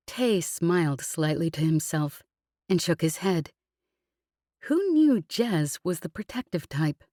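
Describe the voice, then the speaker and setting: Slow low-voiced woman narrating. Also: lively intonation, mellow, no echo, studio quality. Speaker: audiobook narrator. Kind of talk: scripted narration.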